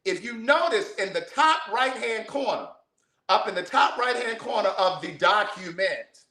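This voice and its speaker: A man, telling a story to camera in a sassy, profane, animated way. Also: sits high, unhurried, reverberant. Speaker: vlogger. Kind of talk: casual storytelling.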